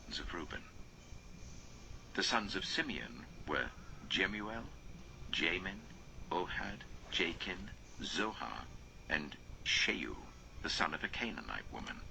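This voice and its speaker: An extremely deep, gravelly male voice reads scripture aloud slowly and solemnly, sometimes sinking to an almost whispered hush. His tone is bright and cutting despite the depth, and he rises and falls widely in pitch. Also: sing-song, slight background noise, rough recording. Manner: slow solemn reading, drops to near whisper. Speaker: father reading aloud.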